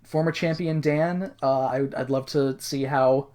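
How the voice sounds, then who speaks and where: A man's voice: mid-range voice, fairly even intonation, unhurried, a little mellow. A young man hosting a casual online draft, announcing picks with hype and frequent laughter. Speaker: draft host.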